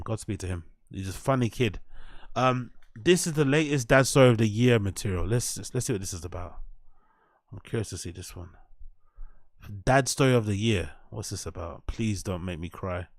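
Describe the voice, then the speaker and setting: A man's voice: fairly low pitch, dry recording, clean studio sound. A young British man hosting a casual reaction show, sarcastic, swearing, and firing mock questions at his chat. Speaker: host.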